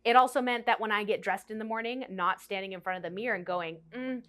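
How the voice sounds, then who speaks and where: A woman's voice: medium pitch, steady tone, quick pace, fairly bright tone. A young woman in her twenties talking candidly and emotionally to camera in a personal vlog, often quoting her own past thoughts aloud. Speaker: vlogger. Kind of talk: personal confessional chat to camera.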